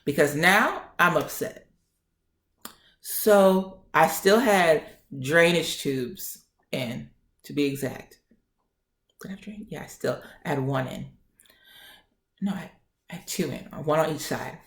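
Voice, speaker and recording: A young woman vlogger telling a story in a sassy, animated way and acting out the people in it. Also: low voice, takes it slowly, pauses often, reverberant. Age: young adult. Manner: sassy, acts out quoted voices.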